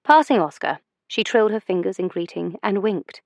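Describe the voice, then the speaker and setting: A woman's voice: medium pitch, dry recording. Woman narrating a romance audiobook. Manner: measured, expressive storytelling.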